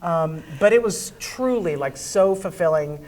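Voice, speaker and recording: A woman comedian, telling animated stories and laughing as she chats in an interview. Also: lowish voice, measured pace. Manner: animated storyteller, laughing through anecdotes. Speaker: comedian guest. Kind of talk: casual interview chat. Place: studio interview set.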